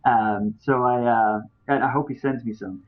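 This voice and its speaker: A man's voice: mid-range voice, steady tone, normal speed. A man hosting a podcast, telling a story in a loose, chatty way with many fillers and restarts. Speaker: podcast host. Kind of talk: casual storytelling. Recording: tinny phone-like audio.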